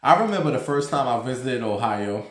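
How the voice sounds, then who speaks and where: A man's voice: medium pitch, expressive, brisk. A man from New York with a sassy, campy, profane manner, casually chatting about celebrity gossip as the host of his own vlog. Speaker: gossip vlogger. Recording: roomy, echoey home room.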